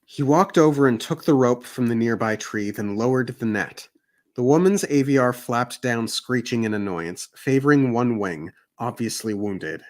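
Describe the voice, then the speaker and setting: A man, co-host of a book channel, narrating a fantasy story aloud in a steady reading voice. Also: medium pitch, normal speed. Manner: steady reading, jokey asides. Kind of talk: amateur story read-aloud.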